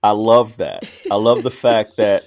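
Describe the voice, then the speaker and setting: A man co-hosting a podcast in casual debate chat, emphatic and animated, laughing as he argues. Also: on the low side, measured pace. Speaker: podcast co-host.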